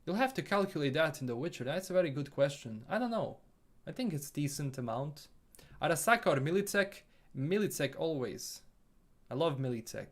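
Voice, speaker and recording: A man's voice: a little high, big pitch swings, fairly quick. A man from Bosnia with a Bosnian accent, casually reading viewer comments aloud and answering them on a live stream.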